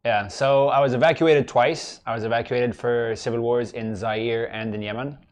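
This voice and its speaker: A man's voice: mid-range voice, steady tone, moderate pace. Easygoing joking man in a studio. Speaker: guest, content creator. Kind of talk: casual interview chat.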